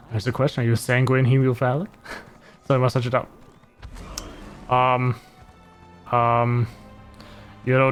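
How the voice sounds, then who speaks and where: A man's voice: mid-range voice, a bit bright, clean tone. Chatty male game streamer. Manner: chatty, laughs often, greets viewers. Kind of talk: casual live-stream chat while gaming.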